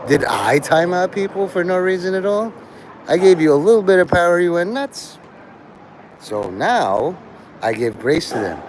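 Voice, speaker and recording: A man's voice: high-pitched, very animated, moderate pace, a little hiss or hum, low-quality recording. A man hosting a livestream, talking to his chat in a crude, rambling way and laughing at his own jokes. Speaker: livestream host.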